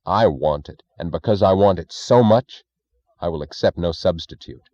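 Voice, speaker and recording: A man reading an audiobook, voicing a calm, defiant male captive who speaks in a cool, measured, incisive way. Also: low voice, no room sound, lo-fi sound, lightly acted. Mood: intense.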